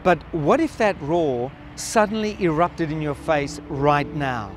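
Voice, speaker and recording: A man's voice: fairly high pitch, measured pace. A man narrating a scripted introduction and asking dramatic rhetorical questions. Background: music.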